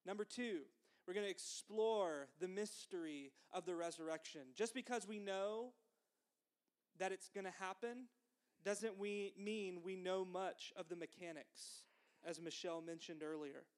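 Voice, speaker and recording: A man's voice: high voice, fairly even intonation, unhurried, clean tone. A man preaching a sermon in a conversational, emphatic way, with dry asides.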